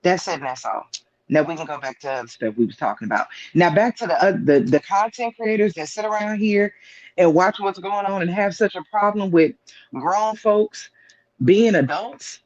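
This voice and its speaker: A man with a fairly high voice speaking emphatically on a live stream, piling up rhetorical questions. The sound is dry and close, and the audio is dull and lo-fi. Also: normal speed, no echo. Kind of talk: casual opinion talk.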